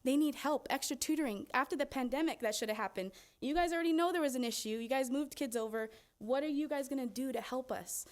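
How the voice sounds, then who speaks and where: A woman's voice: high voice, quick pace, hardly any pauses. A woman speaking as a parent in public comment at a school board meeting, earnest and pleading, close to tears.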